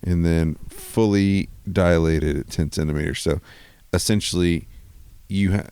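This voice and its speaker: A man's voice: deep voice, steady tone, a little slow, warm tone, clear, resonant tone, no room sound. A man co-hosting a podcast from a bedroom at home, explaining things patiently and thinking aloud in casual chat. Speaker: podcast co-host.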